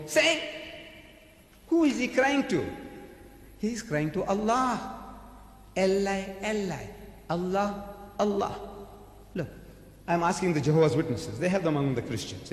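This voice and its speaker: Fairly high-voiced man giving an emphatic, rhetorical sermon-style lecture, in a long echoing hall. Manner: emphatic, rhetorical, asks and answers his own questions. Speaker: preacher lecturing an audience. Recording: echoey hall recording.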